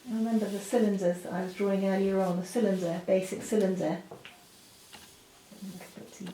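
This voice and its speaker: A woman's voice: mid-range voice, dark tone. Woman art teacher demonstrating at the easel, chatty and apologetic, mic at a distance in an echoey room. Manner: chatty, full of fillers, apologetic asides. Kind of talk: drawing lesson demonstration. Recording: roomy, from a distance, faint noise.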